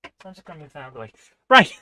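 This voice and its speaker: A woman's voice: very fast, bright, forceful tone. A woman hosting a live retro gaming stream, reading viewer comments aloud in a chatty, upbeat way and laughing easily.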